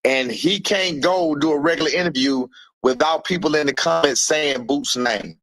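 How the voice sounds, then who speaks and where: A man's voice: fairly high pitch, normal speed, a bit bright, no room sound. A middle-aged man, a boxer's father and trainer, talking in a blunt, profane and emphatic way during an interview. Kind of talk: heated interview talk.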